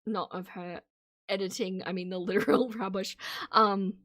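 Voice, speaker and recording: Woman, live-stream commentator, opinionated, laughs a lot, mid pitch, dry close sound. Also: steady tone, normal speed, a bit bright, no echo. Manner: opinionated, laughs often, talks to chat. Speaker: streamer reacting to videos.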